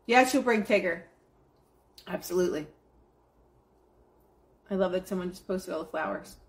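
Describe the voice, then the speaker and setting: A woman's voice: fairly low pitch, normal speed. A woman hosting a live stream, giving a casual motivational pep talk to her chat in a blunt, profane, emphatic way.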